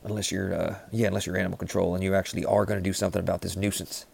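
A man in rambling, deadpan comedic banter, riffing with frequent restarts. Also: low voice, racing, vocal fry, breathy edge.

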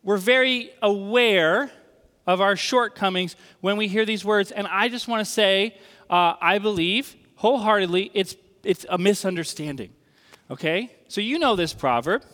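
A man delivering a sermon in a long-echoing hall. His voice sits high and sounds bright and forward. He talks conversationally, often pausing to ask the room "okay?". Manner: conversational, checks in with the audience with frequent "okay?". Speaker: pastor. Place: church hall with an audience. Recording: reverberant hall.

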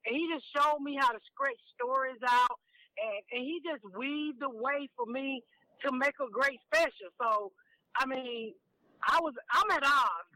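A woman comedian in her fifties, a guest on a phone interview, talking frankly and down to earth in animated stories. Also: sits high, no echo. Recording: tinny phone line.

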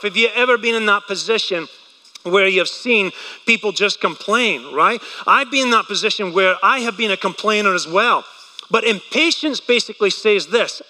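A man preaching a sermon in a church, animated and joking, firing rhetorical questions at the congregation. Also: high voice, normal speed, long reverb tail, poor audio. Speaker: pastor.

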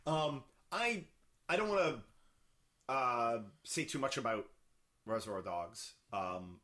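A man co-hosting a casual podcast chat about films, talking in halting bursts full of fillers and restarts. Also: mid-range voice, fairly bright tone. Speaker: podcast co-host. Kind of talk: casual film discussion.

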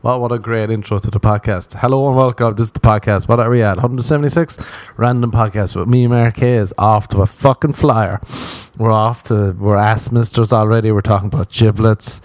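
A man's voice: on the low side, steady tone, fairly quick, no echo. A young man hosting a solo comedy podcast, rambling with crude jokes. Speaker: podcast host.

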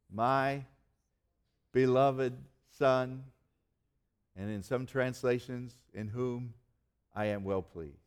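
A male pastor preaching a sermon in earnest, slowing down and dropping almost to a hush to stress key words. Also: mid-range voice. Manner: earnest preaching, slows and drops to near-quiet for emphasis.

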